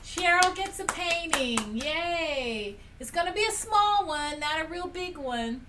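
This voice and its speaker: A woman's voice: extremely high pitch, animated, takes it slowly. A woman hosting a live painting stream, chatting cheerfully with viewers as she draws prize winners and laughs often. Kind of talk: casual live-stream chat, running a prize drawing. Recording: a little distant from the mic, faint room noise.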